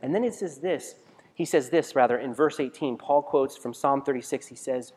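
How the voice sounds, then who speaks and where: A medium-pitched, slightly mellow male voice preaches at an ordinary pace. The pastor keeps it conversational, asking the congregation questions and often restarting his sentences; a big hall lends the recording long reverb.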